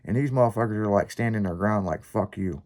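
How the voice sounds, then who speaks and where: A man hosting a podcast, telling a long story in casual, profanity-laced chat with lively, rambling delivery. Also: fairly low pitch, fast. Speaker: podcast host.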